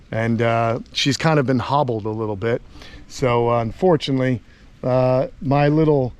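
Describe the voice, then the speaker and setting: A middle-aged man from Long Island hosting a casual vlog outdoors by a tortoise enclosure, rambling and excitable with lots of fillers. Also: fairly high pitch, dry recording. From Long Island, New York. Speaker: host, tortoise keeper.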